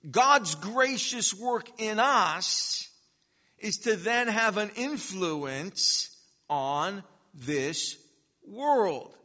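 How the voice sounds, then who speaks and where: A man with a high, bright voice preaches in an earnest and deliberate way, giving his words space and repeating them for emphasis. His sermon has a long, ringing reverb from a church hall. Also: lively intonation. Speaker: pastor. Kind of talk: expository sermon.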